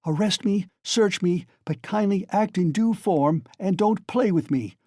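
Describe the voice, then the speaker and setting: A man voicing an angry, proud young student who shouts furious demands in a storybook reading. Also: high-pitched, measured pace, no echo, studio quality, pitched above the performer's own voice.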